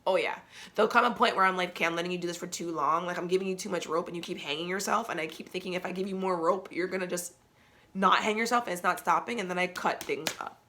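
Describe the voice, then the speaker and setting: Young woman host with a bright, forward voice; candid, slangy, animated storyteller. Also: on the low side, fast. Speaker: podcast host. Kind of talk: casual storytelling podcast.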